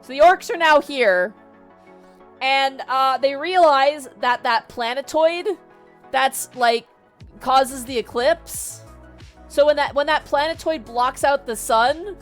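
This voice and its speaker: A woman vtuber retelling a story in a casual, excitable, slangy way, chatting to her viewers. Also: high voice, takes it slowly, soft background music.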